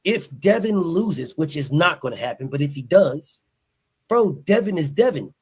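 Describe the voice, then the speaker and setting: A man's voice: on the high side, very animated, normal speed, darkish tone, husky. A man talking casually about a boxing fight, emphatic and repeating himself, heard in a played-back clip.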